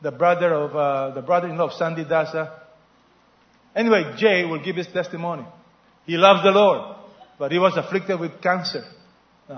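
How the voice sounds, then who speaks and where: A man preaches with energy, swinging from loud emphatic lines to quiet, low asides as he questions his listeners. His voice sits fairly high for a man. The recording has a roomy echo and a slightly muffled, dull tone. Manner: animated preaching, call-and-response questions to the congregation. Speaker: pastor. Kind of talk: sermon.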